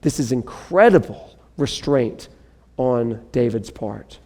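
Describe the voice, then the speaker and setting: A man's voice: mid-range voice, animated, takes it slowly, warm tone, big-room sound. A man preaching a sermon, reading scripture dramatically and breaking into casual asides to the congregation. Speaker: pastor.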